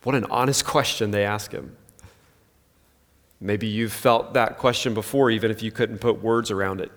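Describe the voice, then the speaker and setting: A man's voice: fairly low pitch, fairly even intonation, normal speed. A pastor in his thirties giving an earnest, conversational sermon full of rhetorical questions. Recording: long hall reverb.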